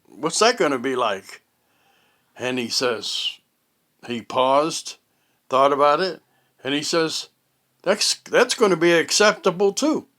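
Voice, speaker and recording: A man telling a casual, rambling story at home, halting often with fillers and restarts. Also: fairly high pitch, animated, fairly bright tone. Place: at home, indoors.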